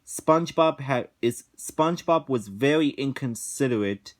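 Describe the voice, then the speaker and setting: A man giving a casual review rant, talking slowly with frequent restarts, repetitions and swearing. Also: medium pitch, expressive. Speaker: episode reviewer.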